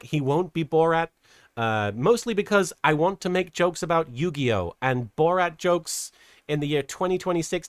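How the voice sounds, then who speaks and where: A man's voice: on the high side, dry recording, clean studio sound. A man casually commenting on a livestream, chatty and rambling, laughing often and poking fun at himself at a desk microphone. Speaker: streamer and host.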